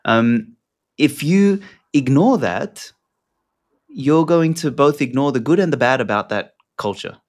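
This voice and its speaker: A man's voice: medium pitch, animated, a little slow. A man talking as an interview guest, loose and rambling, with lots of fillers and casual swearing. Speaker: podcast guest.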